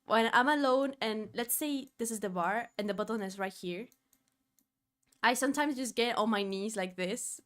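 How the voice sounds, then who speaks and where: Woman streamer, casual storytelling, higher-pitched, swings between murmurs and loud outbursts. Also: moderate pace. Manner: expressive, drops to low murmurs then bursts into loud exclamations.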